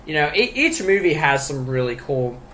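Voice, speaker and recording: A male podcast co-host reviewing a movie chats casually with a slightly high, a bit bright voice, big pitch swings, and a normal speed. He rambles, laughs often, and uses many fillers and restarts, on a low-quality recording with slight background noise.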